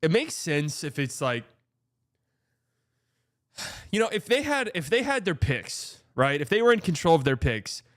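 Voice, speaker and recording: A man's voice: fairly high pitch, sing-song, measured pace, long pauses, a bit bright, dry recording. Sarcastic man talking sports, dry sound. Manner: sarcastic, blunt, swears freely. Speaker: host. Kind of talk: casual sports commentary.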